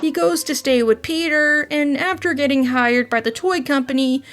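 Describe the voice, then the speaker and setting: A woman's voice: high-pitched, normal speed, a bit bright. A woman narrating a video essay as casual commentary, with sarcastic, joking asides.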